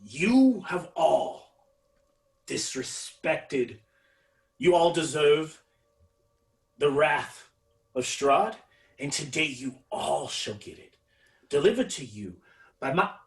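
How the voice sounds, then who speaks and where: A man voicing a menacing, aristocratic male vampire lord who speaks in slow, grand, threatening declarations. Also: medium pitch, very animated, far from the mic, low-quality recording. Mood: wrathful.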